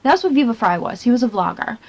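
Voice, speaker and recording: A woman vlogger talking to her laptop camera in a rambling, self-mocking way, thinking out loud and jumping between tangents. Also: fairly high pitch, big pitch swings, fast. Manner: chatty and self-mocking, laughs between phrases. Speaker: vlogger and channel host. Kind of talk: casual talking-to-camera commentary.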